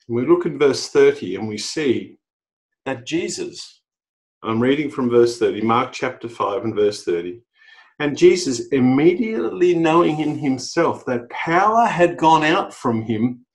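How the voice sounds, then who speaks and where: A middle-aged Australian man preaching a sermon as a pastor, telling the story with animated emphasis and lifting his voice for quoted lines. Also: mid-range voice, rough recording.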